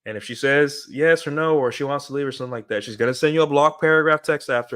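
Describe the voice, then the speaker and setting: A young man with an ordinary middle-pitched voice rambles through dating advice on a livestream. He talks straight to his viewers and keeps calling them guys. His talk is loose and full of fillers, with a lot of right and you know. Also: fast, few pauses, a bit bright. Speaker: streamer giving dating advice. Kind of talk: casual livestream monologue.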